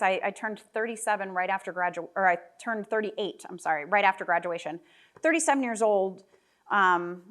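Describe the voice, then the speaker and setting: Candid woman telling a lively story. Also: mid-range voice. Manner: lively, candid, jokey storytelling with asides to the crowd. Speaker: guest speaker. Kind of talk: storytelling talk to an audience. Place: event hall with a live audience.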